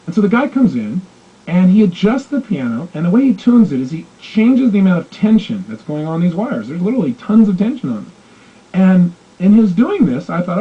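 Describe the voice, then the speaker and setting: A man coaching in a self-help audio program, telling animated stories and acting out the dialogue. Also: high-pitched, a little fast, breathy edge, lo-fi sound. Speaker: motivational coach.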